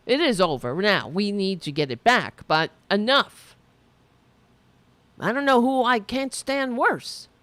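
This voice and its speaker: A woman's voice: mid-range voice, big pitch swings, takes it slowly, a bit bright, dry recording. A woman hosting a political commentary show, delivering a profane, sarcastic, heated rant.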